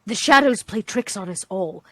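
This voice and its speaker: A woman voicing a soft-spoken, wary adventurer who reports grim findings in a hushed, low, grave tone. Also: lively intonation, moderate pace.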